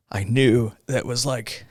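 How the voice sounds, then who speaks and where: A middle-aged man, a police officer guest, recounting a personal story in a halting way, with many pauses, fillers and rueful laughs. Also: mid-range voice, no echo, clean studio sound. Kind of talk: conversational storytelling in a podcast interview.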